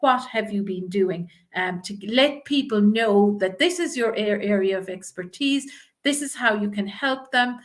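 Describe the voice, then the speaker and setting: A woman's voice: medium pitch, measured pace. A woman with a strong Irish accent from Ireland, coaching viewers live and reading out their comments. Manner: encouraging, reads out viewer comments. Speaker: image coach.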